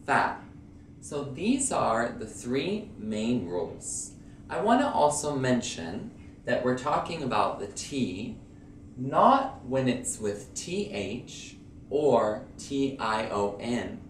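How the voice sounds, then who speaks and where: A man teaching English pronunciation in a college, speaking deliberately and spelling out example words with care. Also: on the low side, a little hiss or hum. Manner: slow, deliberate, repeats example words carefully. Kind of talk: classroom lesson to camera. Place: college building. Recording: roomy sound from a distant mic with faint ambience.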